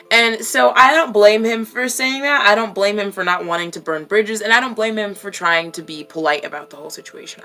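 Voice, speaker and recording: A woman's voice: mid-range voice, sharp tone. A woman vlogger in casual chat, blunt and emphatic, swearing freely.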